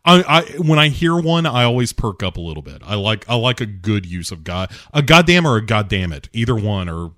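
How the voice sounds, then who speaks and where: Male co-host, wry and animated, expressive pitch, dry close sound. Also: a little fast, hardly any pauses, no room sound. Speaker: podcast co-host. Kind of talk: casual movie commentary chat.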